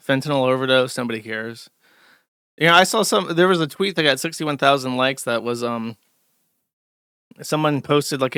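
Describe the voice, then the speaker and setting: A man's voice: mid-range voice, sharp tone, smooth, no room sound, clean studio sound. A man hosting a live stream, ranting in a sarcastic, rambling way with many fillers and short laughs. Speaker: streamer host. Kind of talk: casual ranting commentary.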